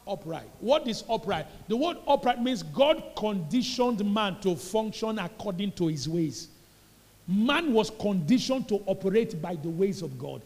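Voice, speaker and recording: A Nigerian man preaching a sermon as pastor, repeating key phrases and building to loud emphatic peaks. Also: sits high, lively intonation, normal speed, big-room sound. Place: church hall.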